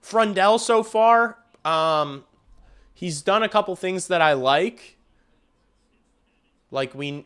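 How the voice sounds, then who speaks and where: A man hosting a hockey livestream, calling the game in casual play-by-play and getting loud and excited on big chances, with some swearing. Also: a little high, smooth. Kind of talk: casual live play-by-play commentary.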